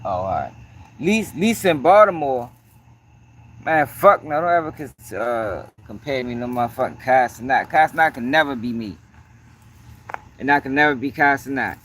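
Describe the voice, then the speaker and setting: A man's voice: medium pitch, expressive, normal speed, fairly bright tone, slight background noise. A man hosting a livestream, talking casually and profanely, dropping "yo" constantly and breaking off to greet people in the chat. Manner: profane, peppers talk with "yo"; greets chat between points. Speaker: livestream host.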